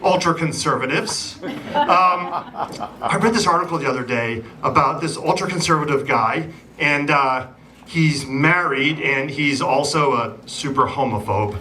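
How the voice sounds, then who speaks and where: A man's voice: fairly high pitch, unhurried. A man doing a stand-up set with a chatty, self-deprecating manner, stopping often on ums and you-knows. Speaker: stand-up comedian. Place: theatre stage before a live audience. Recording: distant mic, loud crowd and noise.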